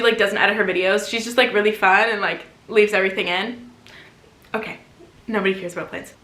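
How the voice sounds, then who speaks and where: A woman's voice: a little high, pushed and bright, echoey room. A young woman vlogger chatting casually about her favorite things, full of fillers and playful asides. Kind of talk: casual chat.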